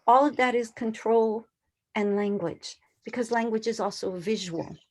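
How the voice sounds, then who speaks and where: A woman's voice: a little high, normal speed, a little mellow. A woman in her sixties, whose first language was not English, giving an earnest conference presentation to educators and posing rhetorical questions. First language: a language other than English.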